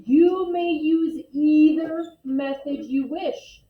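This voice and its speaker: A woman's voice: sits high, fairly even intonation, slow, far from the mic. A woman math teacher in a classroom, patiently explaining steps and calling on students. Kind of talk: classroom lesson. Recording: echoey classroom recorded from afar, dull lo-fi.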